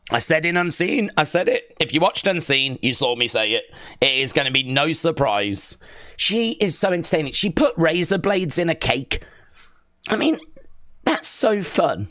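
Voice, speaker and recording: Young Aussie streamer, high bright voice, unhurried chat between cheers. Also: male voice, big pitch swings. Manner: screams and cheers, reads chat aloud. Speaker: live stream host. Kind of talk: excited wrestling watch-along.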